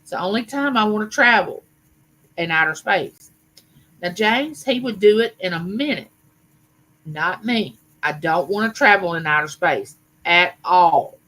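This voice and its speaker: A woman, hosting a casual live chat and rambling warmly with fillers and restarts. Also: fairly low pitch, expressive, a little slow, rough recording. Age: 50s. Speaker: livestream host. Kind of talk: casual live chat reading viewer comments.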